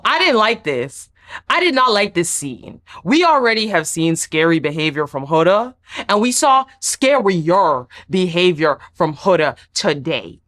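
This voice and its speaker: A woman giving a casual, emphatic recap of a reality show episode, acting out the people she quotes. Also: medium pitch. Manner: animated, emphatic, acts out quotes. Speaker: recap vlogger.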